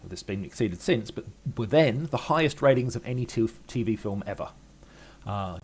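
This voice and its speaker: A man's voice: medium pitch, darkish tone. An older man giving a chatty, wry film review, full of ums and uhs. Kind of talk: casual film review monologue.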